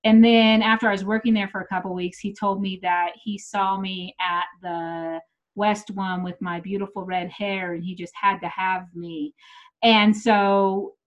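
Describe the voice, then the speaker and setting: A woman's voice: mid-range voice, level tone, a little slow. A middle-aged woman tells stories in a loose, casual chat, blunt and freely profane. Her voice comes through slightly dull and lo-fi. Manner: blunt, swearing storyteller. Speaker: comedian.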